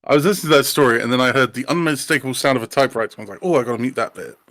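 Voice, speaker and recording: A man's voice: medium pitch, fairly bright tone. A man on a live stream chats casually, reacting playfully and walking everyone through the technical setup. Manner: playful, quick reactions, explains the tech. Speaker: podcast team member.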